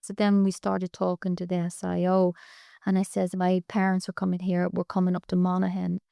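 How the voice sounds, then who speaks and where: A woman's voice: on the low side, completely flat delivery, a little fast, creaky, mellow, smooth, dry recording, clean studio sound. A middle-aged Irish woman, an interview guest, recounting a painful personal story with quoted dialogue, her words raw and urgent at times. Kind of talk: emotional personal account.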